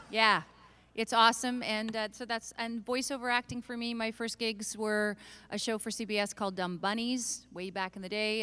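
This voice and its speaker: A woman's voice: mid-range voice, pushed and bright, slight background noise. A middle-aged woman from Canada, a voice actor on a convention panel, talking in a chatty, self-deprecating way and laughing between points. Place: large convention hall.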